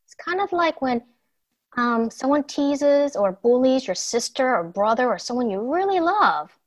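A woman teaching a children's Bible lesson, telling the story in an animated way and asking her listeners questions. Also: sits high, unhurried.

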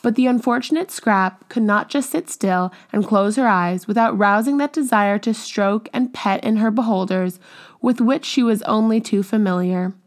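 A woman reading a classic novel aloud as audiobook narrator, measured and even. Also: medium pitch. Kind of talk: scripted narration.

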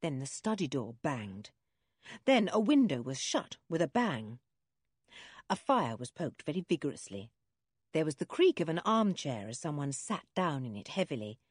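A woman reads a children's storybook aloud in an expressive, animated way. Her voice is husky and breathy, her pitch swings widely, and the sound is dry and close. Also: moderate pace, no room sound. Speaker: narrator. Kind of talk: storybook reading.

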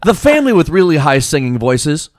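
A podcast host running a word-puzzle game, teasing the co-host, laughing often and reading clues deadpan. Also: mid-range voice, fairly quick, no echo, clean studio sound. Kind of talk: casual podcast chat.

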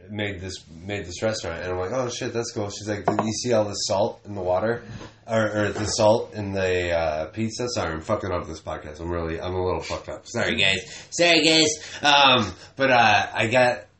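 A man's voice: lowish voice, normal speed, a bit bright. A man telling a rambling story on a casual podcast, swearing and trailing off often. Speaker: comedian podcast host. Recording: echoey room with faint noise.

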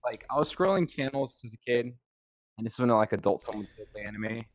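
A man's voice: medium pitch, fast talker, no room sound. A man hosting a casual podcast, laid-back and calling his guest "dude" often. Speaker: podcast host.

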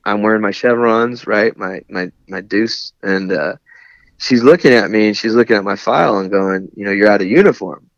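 Speaking at a normal speed in a lowish, gravelly voice, a man who served in the Navy recounts a long story from his life. He's candid and wry, chuckling at his own anger, and the recording sounds dull with no echo.

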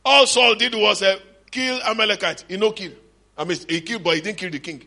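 Preaching a lively sermon at a church conference, a middle-aged Nigerian-accented man sometimes shouts and drops in Yoruba asides. His voice is high-pitched and a touch fast, with vocal fry.

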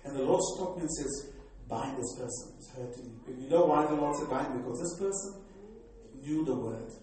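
A man's voice: medium pitch, lively intonation, normal speed, crowd noise. An older man with a South African accent, preaching a fervent, exhorting sermon as pastor of his church. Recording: very echoey hall from far off.

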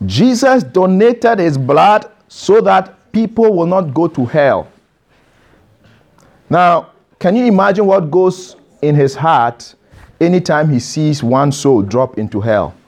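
A preacher with a somewhat high voice for a man delivers an emphatic sermon. He repeats his phrases and throws questions directly at the listeners. His delivery swings between hushed, intimate moments and loud, urgent calls. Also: lively intonation, slow, long pauses. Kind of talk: sermon to a youth audience.

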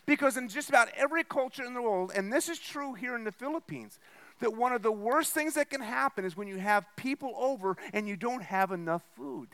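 A man's voice: very high-pitched, expressive, moderate pace, bright, forceful tone. A male pastor preaching a sermon, explaining step by step, checking in with "okay?" and "right?", and acting out the host's lines with a raised voice. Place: church.

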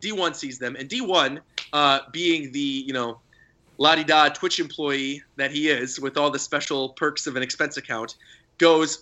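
A man with a bright, slightly high voice tells a story in loose, animated chat. He is full of fillers and acts out what people said. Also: normal speed. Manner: animated, lots of fillers and acted-out quotes. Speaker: podcast guest. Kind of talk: casual storytelling.

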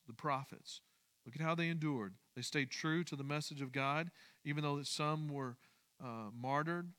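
A man's voice: a little high, fairly bright tone. A man leading a midweek Bible study, speaking emphatically, repeating key phrases and putting questions to his listeners.

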